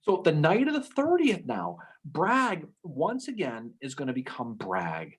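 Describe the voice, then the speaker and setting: A man co-hosting a casual history podcast, telling the story with lively acted-out quotes and frequent "okay?" asides. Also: a little high, unhurried, slightly rough. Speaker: podcast co-host.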